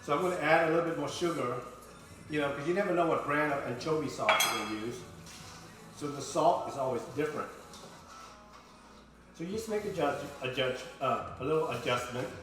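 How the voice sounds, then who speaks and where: A playful, talkative man walks his viewers through a recipe in his home kitchen. His voice sits a little high and sounds bright and forceful. The kitchen is very echoey, and faint music plays underneath. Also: fairly quick, long pauses. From Vietnam. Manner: chatty, playful, talks to viewers as boys and girls. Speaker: home cook host. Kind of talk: casual cooking demonstration.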